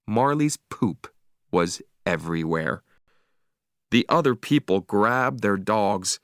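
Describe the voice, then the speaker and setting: A man reading a story aloud slowly and clearly for English learners, with expressive delivery. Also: lowish voice, no echo, studio quality. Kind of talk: slow read-aloud story narration.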